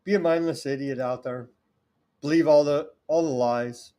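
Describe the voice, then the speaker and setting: A man's voice: fairly high pitch, moderate pace, mellow. A man from California hosting a political talk show, delivering sarcastic, indignant commentary. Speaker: host.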